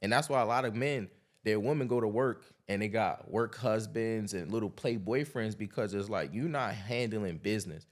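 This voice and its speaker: A man's voice: on the low side, moderate pace. A man who is a guest on a podcast, a coach who gives blunt, confident opinions in casual talk.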